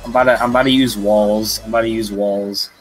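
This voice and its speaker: Excitable gamer guy, complains and laughs a lot, music behind. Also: on the low side, quick pace, rough recording. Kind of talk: casual gaming chat.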